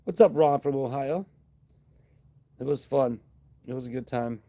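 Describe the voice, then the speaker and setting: A man with a mid-range voice rambles through a casual live stream at an unhurried pace. He's relaxed and friendly, reading out viewer comments and thanking people.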